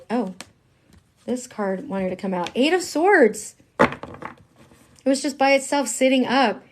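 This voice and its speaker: A woman doing a live-streamed tarot reading talks in a high-pitched voice at a slow pace, with long pauses, over a noisy background. She's chatty and emphatic, slipping in slang and swinging from hushed asides to excited outbursts.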